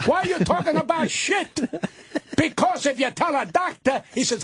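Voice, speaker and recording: An older male comedian ranting loudly and profanely as a guest in a radio studio. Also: extremely high pitch, expressive, moderate pace. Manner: loud, profane, indignant ranting.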